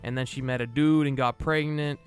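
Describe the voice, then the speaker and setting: Over faint background music, a man reviews a film casually, his mid-range voice steady, clean and fairly quick. He swears his way through the plot, laughing and performing the characters' quotes.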